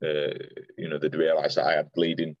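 A man's voice: very deep voice, completely flat delivery, a little fast, no room sound, lo-fi sound. A young man, a podcast guest earnestly retelling a personal story in detail, with many restarts and quoted dialogue. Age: young adult.

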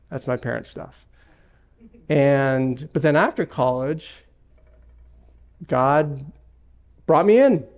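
Male pastor preaching in church; fry in the voice, emphatic delivery with repetition. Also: fairly high pitch, a little mellow. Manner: emphatic preaching with repeated phrases and personal stories. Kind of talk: sermon. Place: church sanctuary.

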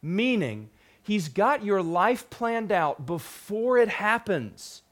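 A young adult man preaching a sermon, casual and animated, with frequent fillers and quick asides to the audience. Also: high-pitched. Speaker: pastor.

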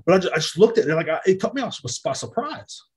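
A man's voice: high voice, sing-song, quick pace, a little mellow, slight background noise. A man, hosting a podcast in a heated, profane solo rant. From Texas. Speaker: podcast host. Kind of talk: casual monologue.

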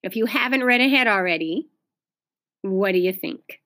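A woman's voice: mid-range voice, animated, normal speed, pushed and bright. A woman teacher reading a children's book aloud, stopping to ask questions and explain to the children. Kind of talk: read-aloud storytelling with comments.

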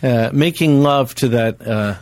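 A man co-hosting a comedy podcast, riffing crudely and rambling through lots of filler pauses. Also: medium pitch, darkish tone, no room sound. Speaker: podcast co-host.

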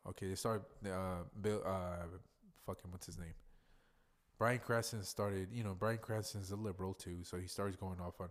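A man's voice: low-pitched, steady tone, normal speed. A tipsy man hosting a podcast in a blunt, profane, ranting monologue. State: tipsy from drinking. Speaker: podcast host.

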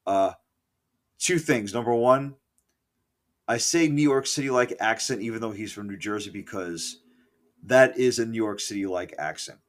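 A middle-aged man recalling a concert in a casual, profane and opinionated rant, full of asides, self-corrections and loud outbursts. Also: mid-range voice. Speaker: concert reviewer. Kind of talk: casual spoken concert recollection.

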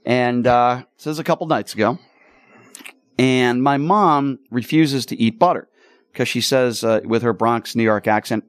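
Male radio host, mid pitch, lively storyteller, dry close mic. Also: moderate pace, clean tone, dry recording. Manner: animated, exasperated storyteller. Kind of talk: casual storytelling chat.

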